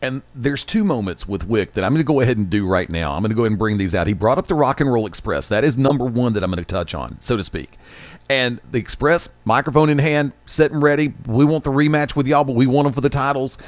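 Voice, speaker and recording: A man's voice: medium pitch, lively intonation, quick pace, dry recording. A man co-hosting a wrestling radio show and running its sound, telling stories with laughs and acted-out quotes. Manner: laughing storyteller, acts out quotes. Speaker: co-host and sound engineer. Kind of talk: animated radio banter.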